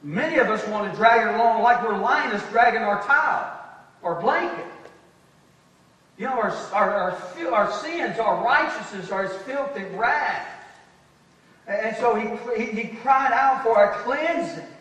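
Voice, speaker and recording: Pastor guy preaching, real high voice, folksy and punchy, sounds far off from the mic. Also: pushed and bright. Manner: preachy, folksy, emphatic with slowed stressed phrases. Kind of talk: sermon. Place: church sanctuary. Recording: echoey hall from far off.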